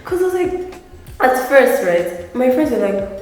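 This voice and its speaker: A chatty eighteen-year-old woman recounts her experiences as an interview guest, peppering her speech with "like" and "right". Her voice sits at an average pitch and is picked up from some distance, in a room with strong echo and a long reverb tail. Faint music plays beneath her. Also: very animated, moderate pace, a little mellow. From Africa. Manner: chatty, filler-heavy, frequent "like" and "right", laughing asides. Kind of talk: casual storytelling.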